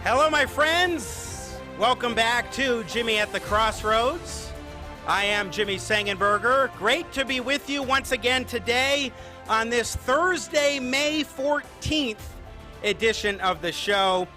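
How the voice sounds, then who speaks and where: A man's voice: extremely high pitch, slow pace, over music. A young adult man hosting a talk show in an upbeat, enthusiastic way. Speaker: host.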